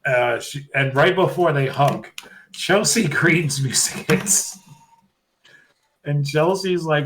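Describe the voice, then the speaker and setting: A man's voice: a little high, takes it slowly. A man co-hosting a podcast, casually recapping a show and acting out what people said. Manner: animated retelling, acting out quotes. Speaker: podcast co-host. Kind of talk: casual wrestling recap chat.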